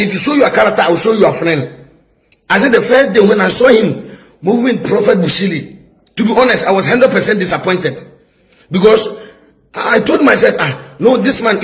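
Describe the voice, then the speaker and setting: A middle-aged man who speaks as a prophet delivers a preaching-style rebuke in a voice that sits high, captured on a low-quality recording. He presses his points again and again, repeating himself for emphasis and asking "is somebody getting my point?"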